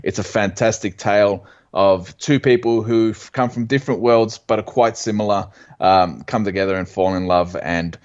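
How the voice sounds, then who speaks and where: A movie podcast co-host with a lowish voice talks casually and earnestly, giving his picks at length with plenty of fillers. He speaks at normal speed with few pauses, and the recording sounds a bit dull and muffled.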